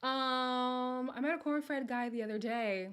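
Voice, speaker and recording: A woman with a slightly raised voice hosts a live watch party in a loose, talkative way. She reads viewer comments aloud and reacts to them, now and then lowering her voice to a whisper for an aside. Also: a little slow, a bit bright, clean tone. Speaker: livestream host reacting to a reality show.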